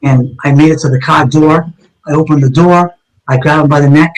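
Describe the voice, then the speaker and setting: Middle-aged ex-cop guest, high-ish voice, intense retelling full of restarts. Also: male voice, steady tone, a little fast, low-quality recording. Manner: vivid and intense, with frequent restarts and repeated words. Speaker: retired detective telling his story as a guest. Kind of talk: dramatic first-person storytelling in an interview.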